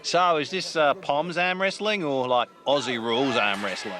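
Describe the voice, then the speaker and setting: A man's voice: on the high side, normal speed, noisy background. Cheeky teasing male co-commentator. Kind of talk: comic mock sports commentary.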